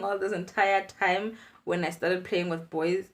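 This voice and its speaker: A woman in her twenties chatting through an animated storytime vlog. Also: fairly low pitch, unhurried. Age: 20s. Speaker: vlogger.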